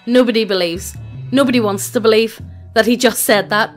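A synthetic woman's voice, fairly high and fairly quick, reads a tabletop gaming story as scripted narration. The text-to-speech delivery is even and free of fillers. Faint music plays in the background.

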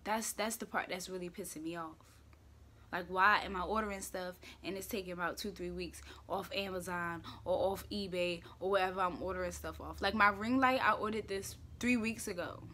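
A woman's voice: fairly low pitch, steady tone, moderate pace, bright, forceful tone, a little hiss or hum. Chatty young woman hosting a talk show. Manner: chatty, playful and opinionated, with slang and filler words. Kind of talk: casual solo talk show monologue. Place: room at home.

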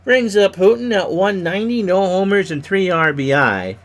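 A man calls a simulated baseball game alone in a fairly high, stuffy voice. He gets loud on hits and homers and drops low and quick for his asides. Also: expressive. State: stuffy from sneezing. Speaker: play-by-play commentator of a simulated game. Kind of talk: solo play-by-play commentary.

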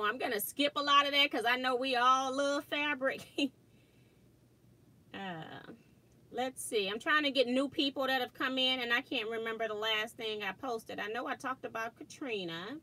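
Bright-voiced woman hosting a quilting livestream. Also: on the high side, normal speed, poor audio. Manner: chatty, laughs often, reads viewer comments aloud. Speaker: quilting channel host. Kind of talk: casual livestream chat.

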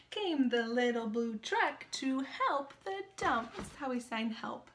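A woman leading a children's story time with sign language, reading aloud in an animated, sing-song manner and asking the children questions, from a small room. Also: fairly high pitch, slow, hardly any pauses, slight background noise. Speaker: children's librarian.

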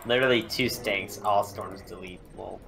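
A man's voice: lowish voice, steady tone, moderate pace, vocal fry, background noise. A man teasing a teammate casually during an online game. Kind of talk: gaming chat.

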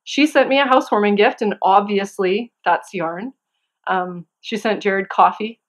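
A young adult woman hosting a knitting podcast from home, chatting casually to camera with giggles and excitable asides. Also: mid-range voice, measured pace.

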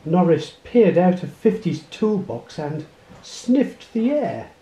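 Male read-aloud narrator, unhurried and lilting, echoey room. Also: sits high. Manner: expressive read-aloud storytelling. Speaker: storybook reader. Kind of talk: reading a children's picture book aloud. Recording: roomy echo.

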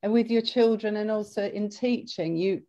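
A woman in a study class speaks up with a question at a middle pitch. She talks earnestly and haltingly, searching for her words as she goes. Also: warm tone, muffled recording. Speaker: class participant.

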